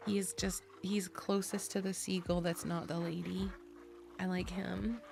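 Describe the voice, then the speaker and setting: Giggly American woman streamer, gravelly. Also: fairly low pitch, a little slow, music in the background. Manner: giggly, chatty, gets loudly excited. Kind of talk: casual chat with viewers.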